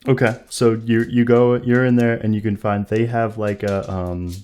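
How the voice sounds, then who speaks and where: A man's voice: lowish voice, flat delivery, moderate pace, a little mellow, clear, resonant tone. Playful man running a tabletop game. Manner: playful, teasing. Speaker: game master.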